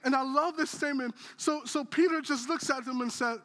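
High-voiced man preaching casually. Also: a little fast, hardly any pauses, pushed and bright. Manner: casual, conversational preaching with many restarts, growing intense. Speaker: pastor. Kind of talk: sermon.

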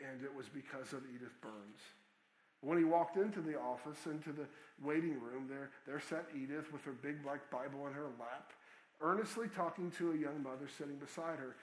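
Pastor guy telling a sermon story, bit high voice, roomy church echo. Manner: earnest, slight restarts.

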